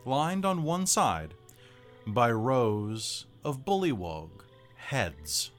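Rambling, animated game master. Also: mid-range voice, drawn-out words, faint music behind. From United States. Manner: loose, rambling, with many fillers and self-corrections. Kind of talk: narrating a tabletop game.

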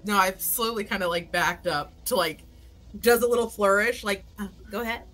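A woman playing a tabletop game, joking and self-mocking in a casual, quick manner. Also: medium pitch, a bit bright, soft background music. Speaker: player.

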